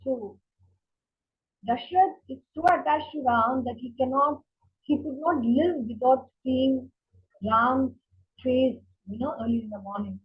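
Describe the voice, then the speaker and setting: A woman telling a story to a class of children, with lots of fillers and restarts. Her voice is very breathy and husky and sits a little high. The recording sounds dull and lo-fi. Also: measured pace. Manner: animated, many fillers and restarts.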